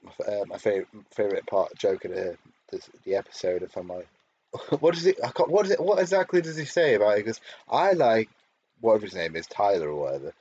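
A man's voice: lowish voice, very animated, fast talker, mellow, husky, highs cut off. A man co-hosting a podcast, chatting casually and hesitantly, with many restarts. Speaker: podcast co-host. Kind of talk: casual episode review chat.

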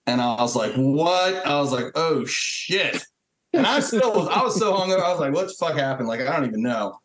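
A man's voice: on the high side, brisk. Profane storytelling veteran man, echoey room. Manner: profane and animated, acting out quotes. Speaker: Marine Corps veteran guest. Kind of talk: casual storytelling.

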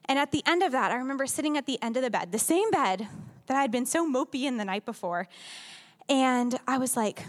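A woman's voice: high voice, animated, a little fast. Young woman sharing a heartfelt testimony. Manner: candid, conversational, emotional storytelling with many "like"s. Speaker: church member giving testimony. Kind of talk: personal testimony to a congregation. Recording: long reverb of a large hall.

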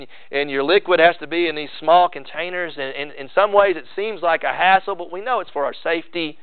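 A pastor preaching a sermon earnestly, mixing rising emphasis with conversational asides. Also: male voice, medium pitch, clean tone, dry recording. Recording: dry tinny phone-like sound.

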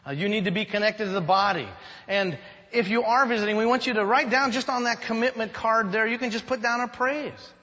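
A man's voice: high-pitched, fairly quick, pushed and bright, in a large hall, highs cut off. A man preaching a sermon as pastor, conversational, with jokes and rhetorical questions. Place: church sanctuary.

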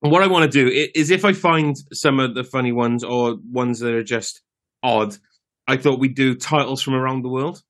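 Podcast co-host, male, middle pitch, rambling casual storyteller. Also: moderate pace, fairly bright tone. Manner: rambling storyteller, many fillers. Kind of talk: casual chat.

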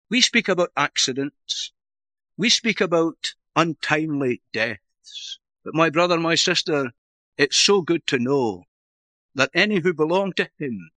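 High, bright-toned preacher with a Northern Irish accent. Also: male voice, no echo. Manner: emphatic, swells high and drops low and slow on key words. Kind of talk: sermon.

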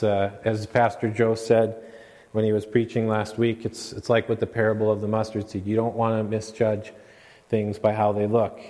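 A man with a fairly low voice delivers an earnest sermon. His words ring out with a long reverb, as in a church hall. He sometimes builds into a louder, dramatic retelling. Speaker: preacher.

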